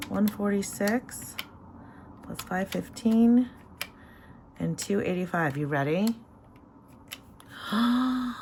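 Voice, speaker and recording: A woman in a casual home vlog, counting cash and talking about her savings with excited emotion. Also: mid-range voice, creaky, noisy background. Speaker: savings vlogger.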